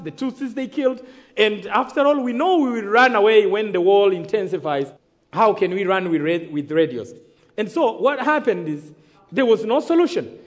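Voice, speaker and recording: A man from Rwanda giving a sermon testimony, emphatic, calling for amens and acting out the dialogue of his story. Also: very high voice. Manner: emphatic, calls for amens, acts out quoted dialogue. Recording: long hall reverb.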